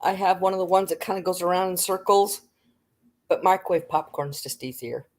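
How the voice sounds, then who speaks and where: A woman's voice: on the low side, a little fast. A middle-aged woman chatting plainly as a guest on a casual livestream. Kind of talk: casual chat.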